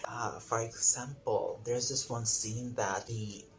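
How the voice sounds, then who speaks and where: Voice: medium pitch, steady tone, slow pace, rough recording. Sarcastic young book reviewer ranting. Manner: exasperated, sarcastic ranting with swearing. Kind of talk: casual book review vlog.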